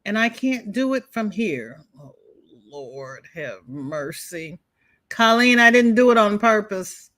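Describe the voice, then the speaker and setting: A woman's voice: medium pitch, lively intonation, slow, a bit bright. A woman hosting a crochet livestream, chatting casually and greeting viewers by name, with folksy exclamations.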